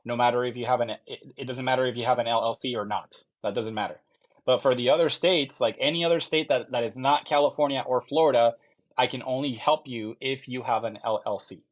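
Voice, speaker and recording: A young man hosts a live question-and-answer stream about loans. He talks casually and haltingly, repeating phrases while he checks each answer. His voice sits at an ordinary middle pitch. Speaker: mortgage loan officer.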